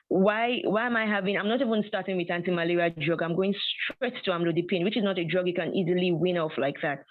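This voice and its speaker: A woman recounts a personal testimony in a fairly low voice, animated and quick to laugh as she acts out conversations. The audio is thin and phone-like. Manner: animated storytelling with frequent laughs and quoted dialogue. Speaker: guest sharing a personal testimony. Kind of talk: storytelling testimony.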